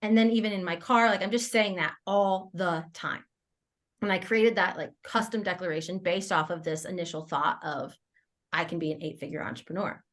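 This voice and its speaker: A woman guest on an interview podcast, telling a personal story in a casual, animated way. She laughs often and acts out her own thoughts as quoted lines. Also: on the low side, normal speed. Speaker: guest entrepreneur.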